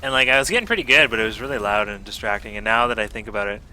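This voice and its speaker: A man's voice: on the low side, racing, pushed and bright, a little hiss or hum. A young man in his twenties, chatting casually while playing a game, laid-back with short replies. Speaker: gaming streamer. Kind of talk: casual chat while gaming.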